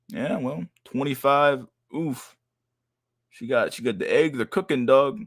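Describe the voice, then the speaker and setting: A man's voice: medium pitch, a little slow, gravelly, no room sound. Profane, ranting male streamer. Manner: profane, ranting, repeats words, says "dog" a lot. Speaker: streamer host. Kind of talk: casual chat reacting to clips.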